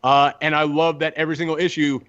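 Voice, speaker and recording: Animated man with muffled sound. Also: a little high. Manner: animated, acts out characters in quick voices. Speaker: podcast co-host reviewing comics. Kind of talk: casual chat.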